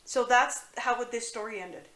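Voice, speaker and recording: A woman's voice: on the high side, normal speed, fairly bright tone, echoey room, rough recording. A woman co-hosting a podcast, teasing and skeptical in casual banter. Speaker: podcast co-host. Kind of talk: casual chat.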